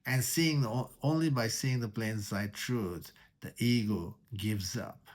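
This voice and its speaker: A man leads a meditation teaching with a slightly low voice. He takes his time and speaks slowly and deliberately. He often repeats key words and answers his own rhetorical questions. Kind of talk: spiritual teaching talk.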